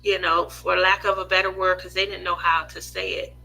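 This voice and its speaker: A woman's voice: fairly low pitch, little pitch movement, a little fast, vocal fry, bright, forceful tone, slight background noise, low-quality recording. A woman in her forties chatting casually and openly to her viewers as a craft vlogger, rambling with lots of "you know" and "um". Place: home craft room.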